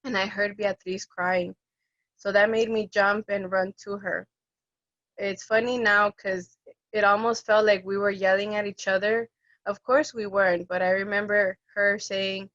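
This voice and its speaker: Speaking a little slowly in a mid-range voice, a young end-of-life caregiver relates a personal story and animatedly acts out the voices of its characters. The lo-fi recording is dull and dry, with no echo.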